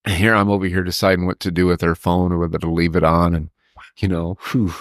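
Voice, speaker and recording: A man co-hosting a podcast, telling a personal story with halting pauses and acting out quoted people in a higher voice. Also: no room sound, clean studio sound. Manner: halting, stops to steady himself when emotional; acts out quoted people with raised pitch. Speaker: podcast co-host.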